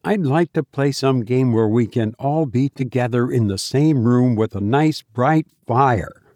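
A man reading a ghost story aloud, voicing a hushed, uneasy young woman who talks in a soft, confiding whisper. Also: mid-range voice, a little slow, no echo, studio quality, natural voice.

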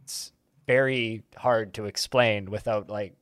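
A man's voice: fairly low pitch, steady tone, fairly bright tone, clear, resonant tone, no echo. Canadian man joking in a dry room. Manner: joking, quick to laugh. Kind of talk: casual chat.

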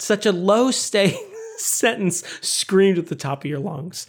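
An animated male podcast co-host in casual conversation. He laughs a lot and breaks into loud, playful shouting when he quotes characters. His pitch swings widely while he talks. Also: slow. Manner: animated, laughs often, acts out shouted lines. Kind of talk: casual chat.

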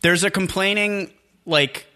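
A young man co-hosting a podcast, talking in halting starts and restarts with dry, crude humor. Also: high-pitched, bright, forceful tone. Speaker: podcast co-host. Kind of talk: casual comedic podcast chat.

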